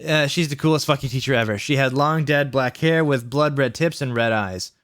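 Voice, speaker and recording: A young man reading a story aloud for a comic challenge, animated and laughing through lines. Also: mid-range voice, a little fast, dry recording, studio quality. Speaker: YouTube reader.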